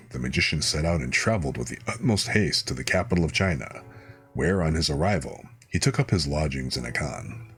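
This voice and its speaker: A man calmly reading a fairy tale aloud as a bedtime story, unhurried, with small slips he corrects. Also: extremely low pitch, slightly rough. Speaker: streamer reading fairy tales.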